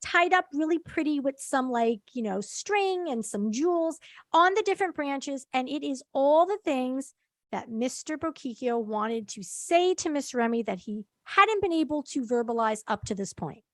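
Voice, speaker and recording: A woman's voice: sits high, animated, dry recording. A woman hosting a podcast, chatting casually and earnestly, with frequent "um"s and agreeing "yeah"s. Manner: measured, earnest, lots of "um" and "yeah". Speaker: podcast host. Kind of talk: casual chat recap.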